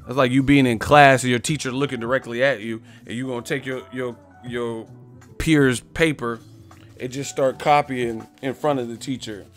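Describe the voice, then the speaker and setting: A man hosting a boxing live stream, ranting casually and loudly, swearing, mocking and laughing often as he reads the chat. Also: medium pitch, fairly even intonation, normal speed, soft background music.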